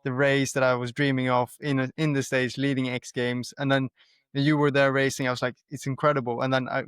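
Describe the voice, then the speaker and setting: A man's voice: medium pitch, smooth, dry recording, clean studio sound. A man hosting a podcast interview, asking earnest, admiring questions. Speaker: podcast host. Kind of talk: casual interview.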